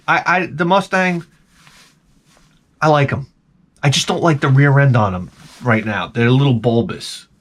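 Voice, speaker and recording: A man rambling through a comic monologue to camera, jumping between tangents and restarting his sentences. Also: medium pitch. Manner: tangent-prone rant, frequent stammered restarts. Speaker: vlogger.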